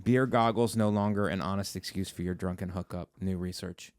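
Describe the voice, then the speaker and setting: A man's voice: low-pitched, fairly even intonation, darkish tone, clear, resonant tone, dry recording, clean studio sound. A man hosting a comedy podcast, chatting casually and joking with his guests. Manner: joking, quick banter. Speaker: podcast host.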